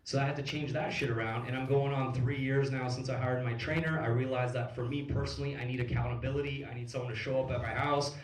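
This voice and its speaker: A man's voice: medium pitch, fairly even intonation, fast, hardly any pauses, a little hiss or hum. A man in his thirties giving a motivational talk on stage at a business event, telling stories casually with lots of fillers and swearing. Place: event hall. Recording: echoey hall recorded from far off.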